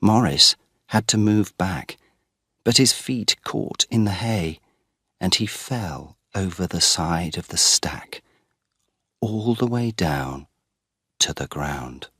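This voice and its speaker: Man narrating a story, very deep voice, slow pace, lively pitch, dry close mic. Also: no room sound. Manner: slow, clear and expressive. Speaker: story reader. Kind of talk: scripted narration for English learners.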